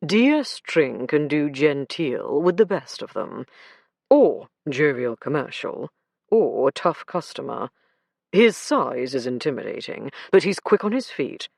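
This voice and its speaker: Calm male chief inspector, lowered voice, dry delivery, played by a woman narrator. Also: unhurried, creaky, dry recording, exaggerated voice.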